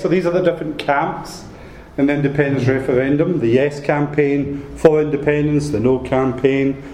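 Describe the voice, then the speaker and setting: A Scottish man giving a public lecture as a guest speaker, talking in a chatty, joking, lively way. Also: a little high. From Scotland. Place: lecture room. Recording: roomy hall with faint ambience.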